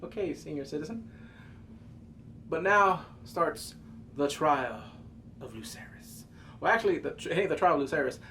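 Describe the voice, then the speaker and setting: A man recapping a TV episode with animated, profane energy, his voice sitting a touch high for a man. He leaps into loud exclamations and quick mimicked asides. A faint ambient hum sits behind him. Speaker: TV episode reviewer. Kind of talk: excited casual recap commentary.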